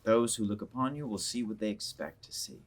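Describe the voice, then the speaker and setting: A man's voice: on the low side, brisk, a little hiss or hum, lightly acted. An actor playing a grand, theatrical male mage in a script reading. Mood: grandiose. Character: scheming showy male mage, grandly formal.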